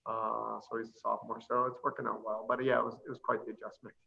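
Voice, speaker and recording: A middle-aged man, a priest, chatting casually over a video call and patiently teaching a short phrase, slowing down to spell out each sound. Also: lowish voice, level tone, gravelly, lo-fi sound. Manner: warm, chatty, laughs easily, slows down to spell out sounds. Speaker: priest and missionary guest.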